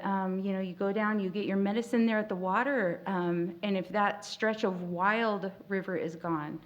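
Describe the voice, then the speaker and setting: A woman moderating a panel discussion at a festival workshop, speaking in a heartfelt, halting way with many pauses and fillers. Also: medium pitch. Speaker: panel moderator, tribal spokesperson. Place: festival workshop room, live audience.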